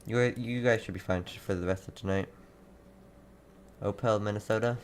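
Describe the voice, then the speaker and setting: A young man hosting a live storm-coverage stream, casually reading out viewers' towns and warnings, halting now and then. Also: lowish voice, steady tone, a little hiss or hum. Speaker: livestream weather host.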